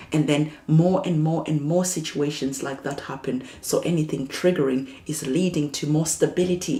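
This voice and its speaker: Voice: medium pitch, warm tone, echoey room. A tarot reader giving a spiritual reading in a soothing, reassuring way, repeating phrases as encouragement.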